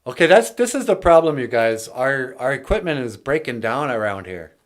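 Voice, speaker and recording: This language teacher and show host speaks at normal speed with a medium-pitched, sing-song voice. His lesson is relaxed and playful, moving between straightforward explanation and goofy bits.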